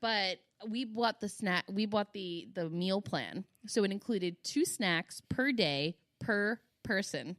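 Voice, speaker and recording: A woman in her thirties co-hosts a podcast in casual chat. She rambles through profane stories and breaks into laughter often. Her voice sits at a middle pitch, recorded dry and close. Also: lively intonation, slow, hardly any pauses, a bit bright, dry recording. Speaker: podcast co-host.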